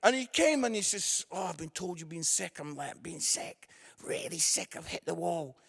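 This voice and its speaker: Gravelly high-voiced man telling comic stories. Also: normal speed. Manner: animated and punchy, shifting to earnest and gentle. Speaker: evangelist and comedian. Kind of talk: comic storytelling gospel message. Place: live event venue.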